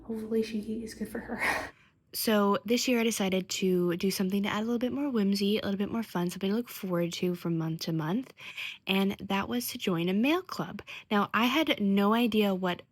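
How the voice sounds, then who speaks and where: A woman's voice: medium pitch, fairly quick. A young adult woman talking casually to camera in a vlog, chatty and gushing, filling her speech with "like" and "um". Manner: chatty and gushing, many fillers like "like" and "um". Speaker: vlogger.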